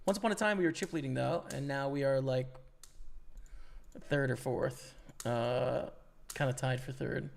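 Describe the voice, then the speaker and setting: A man's voice: medium pitch, moderate pace, vocal fry. A young man chatting casually with his stream chat and thinking aloud about poker hands, his voice worn from talking. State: losing his voice. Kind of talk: live-stream commentary.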